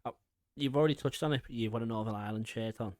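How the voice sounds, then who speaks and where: A man's voice: mid-range voice, racing, darkish tone, dry recording, clean studio sound. A man hosting a podcast, asking jokey, friendly questions in casual chat. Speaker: podcast host.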